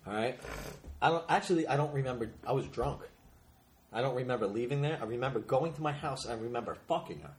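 A man's voice: mid-range voice, lively intonation, fast talker, echoey room. A man telling a crude, rambling story in a casual podcast chat. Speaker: podcast co-host.

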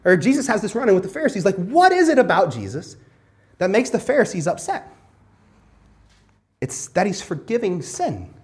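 Earnest male pastor with a lively voice. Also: high voice, normal speed, long pauses. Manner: earnest, rhetorical questions, frequent restarts. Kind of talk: sermon.

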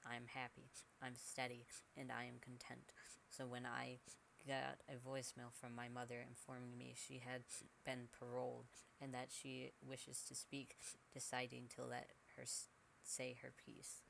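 A man narrating a first-person horror story in a steady, measured way. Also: medium pitch, creaky, slight background noise, poor audio.

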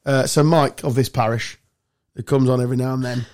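A man hosting a casual podcast, telling sweary, animated stories. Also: medium pitch, brisk. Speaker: podcast host. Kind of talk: casual chat.

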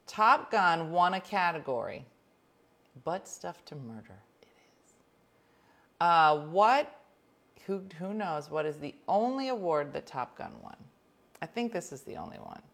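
A woman hosting a casual chat, telling rambling stories with quick whispered asides. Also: lowish voice, lively intonation, fairly bright tone.

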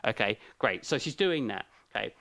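A man co-hosting a casual comedic film review show, animated and mocking, from England. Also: fairly low pitch, normal speed, vocal fry. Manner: animated, mocking, does silly impressions. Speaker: podcast co-host.

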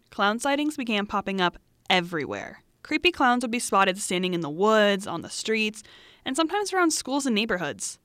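Young woman host reading her podcast script, wry little asides, kinda high voice. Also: no room sound, clean studio sound. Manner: wry, lively delivery with asides to the listener. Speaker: student podcast host and reporter.

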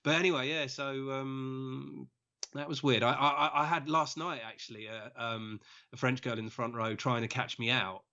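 Male comedian guest, chatty storyteller with frequent laughs; bright tone, muffled lo-fi recording. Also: mid-range voice, fairly even intonation, moderate pace. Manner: chatty, laughs often while telling stories. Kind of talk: casual podcast chat.

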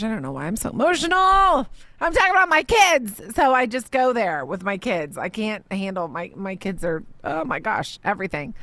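A woman in her thirties speaks on her faith podcast in a heartfelt, meandering monologue. Her voice sits at a middle pitch and sounds dry and close, with no room around it. She circles back and leans on fillers as she gets emotional. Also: fairly bright tone, dry recording. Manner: emotional, rambling storytelling with many fillers. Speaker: podcast host.

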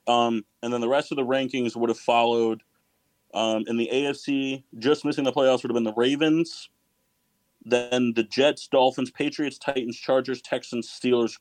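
A man's voice: mid-range voice, no echo, poor audio. A man hosting a casual sports podcast, rambling and correcting himself, laughing often. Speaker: podcast host.

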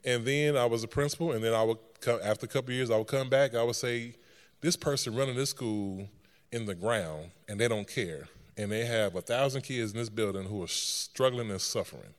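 A middle-aged man, a school superintendent, giving a lively story-filled speech on stage and laughing often. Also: medium pitch, a little fast, long reverb tail.

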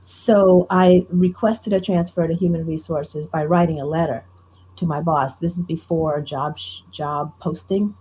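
A middle-aged woman with a faint New Jersey accent, a professional storyteller talking in a lively, self-deprecating way in an interview. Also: sits low, unhurried, slight background noise. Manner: animated, self-deprecating, tells anecdotes with quoted dialogue. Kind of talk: conversational interview.

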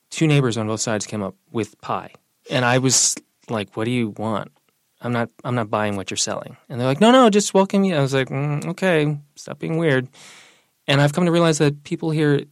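A young man in an interview, talking casually and telling personal stories, relaxed and lively when quoting other people. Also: fairly low pitch, no room sound. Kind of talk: casual conversational storytelling.

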